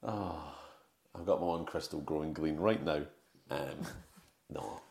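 A man's voice: extremely low pitch, slow, a little mellow. A man co-hosting a film podcast, recounting the plot in casual chat with frequent fillers and self-corrections. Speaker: podcast co-host. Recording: roomy echo.

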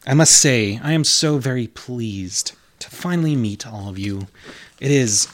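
A man's voice: medium pitch, lively intonation, measured pace, natural voice. A man voicing a cold, gaunt female spirit of famine, gracious and smiling but menacing. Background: background music.

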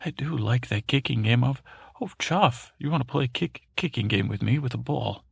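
A timid young boy prince rambles through a bedtime story, stammering and halting, as a man puts him on. His voice is gravelly and a little husky, close and dry, with no room around it. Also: mid-range voice, no room sound, pitched above the performer's own voice. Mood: timid, fretful. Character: timid young boy king's brother, fearful, meek. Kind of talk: bedtime story to help sleep.

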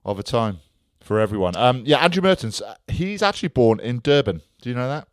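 A man's voice: mid-range voice, big pitch swings, brisk, no echo, studio quality. A man co-hosting a podcast in jokey, teasing casual banter. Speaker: podcast co-host.

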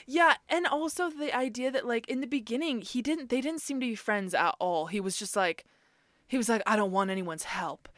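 A young woman co-hosting a podcast, chatting casually with quick, sarcastic asides. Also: a little high, expressive, fairly bright tone, dry recording, studio quality. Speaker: podcast co-host. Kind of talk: casual chat.

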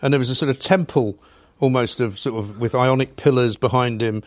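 A man hosting a studio talk show, scornful and animated as he tells his stories. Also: mid-range voice, brisk, no room sound. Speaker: talk radio host. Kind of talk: opinionated chat.

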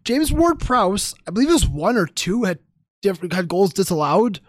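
A man co-hosting a football podcast, briskly reading results with a joking, profane edge in casual chat. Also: high voice, very animated, dry recording, studio quality. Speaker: podcast co-host running through results.

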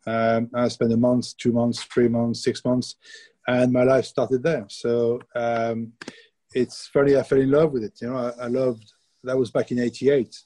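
A man's voice: mid-range voice, little pitch movement, a little slow, dark tone, low-quality recording. A middle-aged man from France with a French accent, a baker telling laughing, plainspoken stories as a guest in a casual interview.

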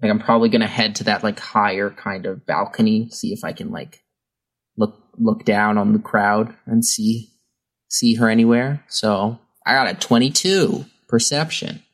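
A man playing a tabletop role-playing game, describing his character's actions in a relaxed, hesitant way. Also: fairly low pitch, moderate pace, rough recording. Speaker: player. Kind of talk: casual tabletop game play.

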